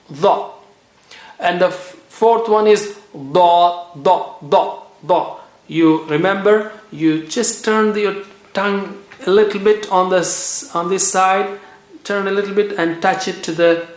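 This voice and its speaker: A man from Asia, teaching Quran reading in a patient way and repeating each sound slowly for practice. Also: sits high. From South Asia. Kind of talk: recorded language lesson. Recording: echoey room.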